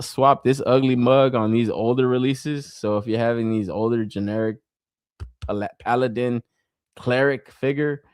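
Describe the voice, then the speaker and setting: A man's voice: mid-range voice, no echo. Toy podcast dude ranting, cussing a lot, voice jumps way up on his reactions, dry close mic. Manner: profane, animated storytelling with frequent laughs. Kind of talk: casual podcast monologue.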